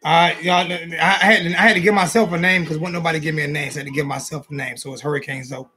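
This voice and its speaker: A man's voice: a little high, fairly even intonation, quick pace, bright, forceful tone, faint music behind. A man hosting a casual sports talk show, loose and joking, often repeating his phrases. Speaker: host. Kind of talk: casual call-in chat.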